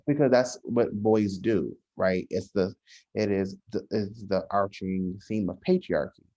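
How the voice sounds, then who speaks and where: A man, a social worker, talking in a casual podcast conversation, measured and often restarting his sentences. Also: fairly low pitch, mellow. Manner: measured, frequent restarts and hesitations. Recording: dull lo-fi sound.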